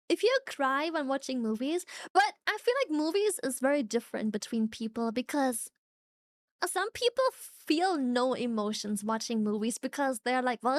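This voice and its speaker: A young woman streaming, chatting casually with viewers, animated, swearing often and laughing a lot. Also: sits high, dry recording, clean studio sound. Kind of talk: casual chat reacting to viewers.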